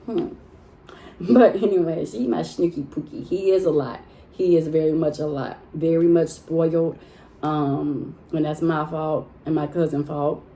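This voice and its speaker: A woman vlogging in casual chat from her home, talking to her viewers in an animated, chatty way and laughing often. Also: low voice, a little slow, slight background noise. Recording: roomy echo in a home room.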